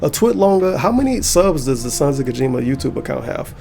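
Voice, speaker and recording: Male YouTuber, gravelly, fired-up reaction rant, heavy profanity. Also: medium pitch, animated, a little fast, darkish tone, faint music behind. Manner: heated, profane ranting. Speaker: YouTuber and streamer. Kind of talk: angry reaction commentary.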